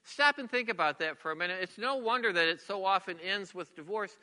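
Middle-aged male pastor, sermon delivery, very bright tone, earnest with repeated phrases. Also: high-pitched, fairly quick, long reverb tail. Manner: earnest, repeats words, drops to a near whisper for emphasis.

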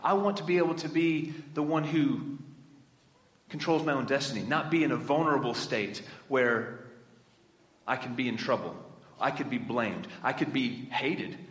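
A man's voice: mid-range voice, normal speed. A man, a youth minister, preaching a conversational sermon and putting questions to his audience. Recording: echoey hall with long reverb.

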